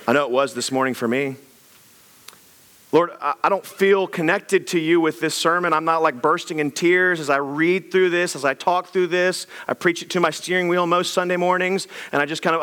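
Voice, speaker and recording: A middle-aged man, a pastor giving a conversational sermon full of rapid rhetorical questions. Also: on the high side, a bit bright.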